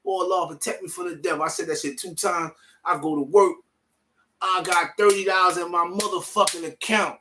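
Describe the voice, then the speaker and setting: A young man telling a personal story in casual, animated street slang, swearing freely. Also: sits high. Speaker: vlogger.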